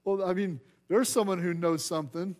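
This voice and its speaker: A man's voice: sits high, steady tone, normal speed, darkish tone. A man preaching a sermon as pastor, acting out the voices of the scripture scenes he reads. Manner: dramatic acting out of scripture dialogue.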